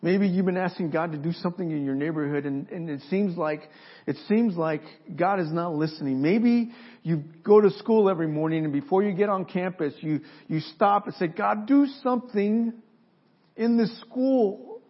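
A man preaching a sermon as pastor, pausing for effect and building to forceful emphasis. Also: fairly high pitch. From Mexico. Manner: preaching with dramatic pauses and rising emphasis. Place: church sanctuary. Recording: dull lo-fi sermon recording.

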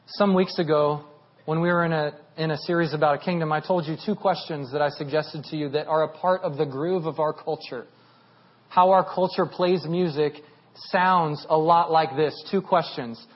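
Animated high-voiced male preacher. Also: normal speed, dull audio. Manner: animated, rising to near shouting at peaks. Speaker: pastor. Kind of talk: sermon.

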